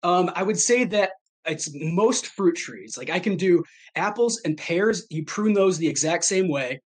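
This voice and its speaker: A man's voice: sits high, expressive, unhurried, breathy edge. A man in his thirties from Michigan, chatting as a podcast guest in a rambling, self-deprecating way, laughing often. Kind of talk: casual chat.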